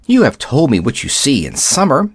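A man voicing a sweet, curious little girl who speaks softly and eagerly. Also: medium pitch, huge pitch swings, normal speed, slightly rough, no echo, clean studio sound, full character voice. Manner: soft and eager.

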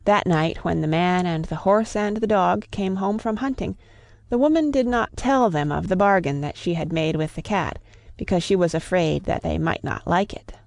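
A woman reads a classic tale aloud with a measured, rhythmic storybook delivery. Her voice has a noticeable gravelly texture. The recording is close and dry, with no room sound. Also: on the low side, a little mellow, no echo.

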